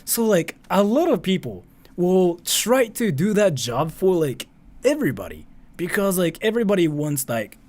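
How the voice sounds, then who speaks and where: A man from Japan hosting a live stream, chatting casually and reading donations in a rambling, excitable way with frequent mild swearing. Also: fairly high pitch. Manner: animated, rambling, swears mildly and often.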